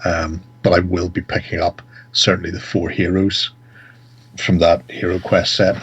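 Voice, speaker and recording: A man's voice: low voice, level tone, normal speed, a bit bright, breathy edge, lo-fi sound. A man co-hosting a casual hobby video chat, enthusiastic and joking. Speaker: co-host.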